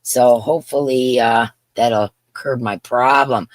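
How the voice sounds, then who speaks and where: Gravelly, husky woman hosting a livestream. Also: rumbling low, expressive, moderate pace, no room sound. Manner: bubbly, calls out names with big upward swoops. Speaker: crochet livestream host. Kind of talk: casual livestream chat greeting viewers. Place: home yarn room, indoors. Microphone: computer's built-in microphone.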